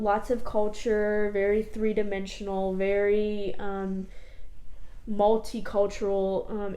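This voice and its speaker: A woman's voice: medium pitch, warm tone. Young woman, casual vlog co-host, emphatic and chatty, roomy echo. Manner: chatty, emphatic, hesitant fillers. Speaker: YouTube co-host. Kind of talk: casual chat.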